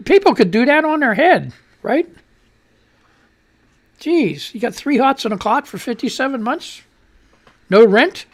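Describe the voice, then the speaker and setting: On his radio show, a man reads news headlines aloud, then rants about them with profanity. He coughs and clears his throat a lot, and his voice rises higher as he gets worked up.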